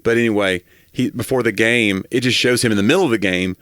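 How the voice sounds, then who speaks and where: A man's voice: fairly low pitch, quick pace, no room sound, clean studio sound. A man co-hosting a podcast, telling jokey stories in casual comedic chat. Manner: joking, animated storytelling. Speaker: podcast co-host.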